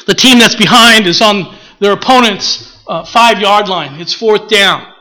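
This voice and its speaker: A man from the preaching a relaxed, conversational sermon, often pausing with filler words and acting out little stories. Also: sits high, low-quality recording. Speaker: pastor.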